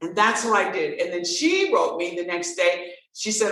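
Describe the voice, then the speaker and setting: A woman guest telling a story in an interview, animated and acting out the dialogue. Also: fairly low pitch, moderate pace, few pauses, far from the mic. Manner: animated, expressive storyteller who acts out dialogue. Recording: roomy sound, from off-mic.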